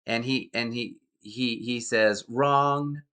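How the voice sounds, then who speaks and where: A man's voice: fairly low pitch, normal speed, sharp tone. A man being interviewed as a guest actor, telling an anecdote in a rambling way with many fillers and restarts. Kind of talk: casual interview storytelling.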